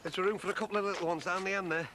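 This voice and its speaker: A man's voice: high voice, fairly even intonation, racing, noisy background, lightly acted. An actor playing a matey, jovial middle-aged man. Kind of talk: soap opera acting.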